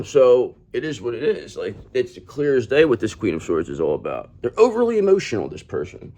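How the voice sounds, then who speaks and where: A man's voice: mid-range voice, huge pitch swings, a little fast, few pauses, mellow. A man giving a casual tarot reading to camera, calling the listener "brother" and repeating his points. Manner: acts out other people in mocking quoted voices. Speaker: tarot reader.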